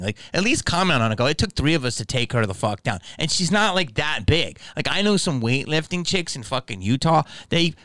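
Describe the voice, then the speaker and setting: A man's voice: mid-range voice, fairly bright tone, no room sound. A man hosting a podcast, delivering a profane, heated and sarcastic casual rant as commentary. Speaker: podcast host.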